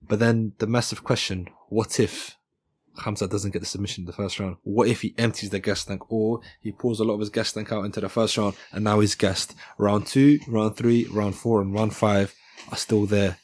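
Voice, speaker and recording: A man's voice: on the low side, fairly even intonation, moderate pace, darkish tone. A man hosting his own channel, giving a casual, joking breakdown of upcoming fights and often correcting himself mid-sentence. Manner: chatty and joking, with frequent self-corrections. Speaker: MMA channel host. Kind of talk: casual fight-analysis commentary.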